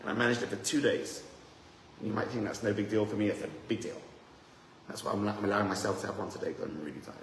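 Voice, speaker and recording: A man giving a lively, joking seminar talk as a rabbi, teasing himself and the audience. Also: on the low side, fast. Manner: animated, joking, self-deprecating. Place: room with a live audience. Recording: echoey hall, faint noise.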